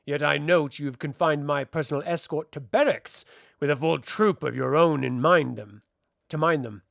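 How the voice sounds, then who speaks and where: A man's voice: a little high, moderate pace, gravelly, fairly bright tone, no echo, clean studio sound. A man reading aloud and voicing a charming, flippant castle commander who talks in a suave, teasing way. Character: charming, smooth-talking male castle commander.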